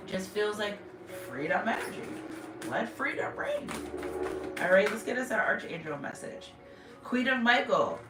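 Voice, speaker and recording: A woman's voice: medium pitch, animated, normal speed. Woman giving a rambling, heartfelt tarot reading. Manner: rambling, heartfelt, many fillers and restarts. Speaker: tarot reader. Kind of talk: casual spiritual tarot reading. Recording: roomy echo, distant mic, faint music.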